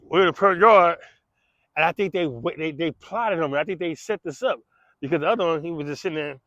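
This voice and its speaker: A man with a high-pitched voice spins a profane, slang-heavy street story in loose conversational style, acting out gunshots and other people's lines. The sound is dull and lo-fi, and close and dry with no room around it. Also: a little fast, fairly bright tone, dry recording.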